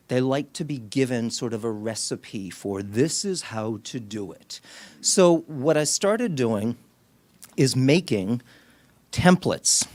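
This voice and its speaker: A man's voice: medium pitch, darkish tone, no echo. Man, middle-aged, clinician giving an educational talk, conversational storyteller, frequent restarts, dry close sound. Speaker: speech-language clinician. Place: medical center auditorium.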